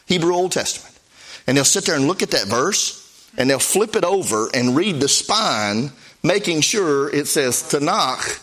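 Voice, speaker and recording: A middle-aged male preacher tells missionary stories in a folksy, anecdotal way. His voice sits a little high for a man. He leans into acted-out snippets of conversation as he goes. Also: fairly bright tone. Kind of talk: sermon storytelling.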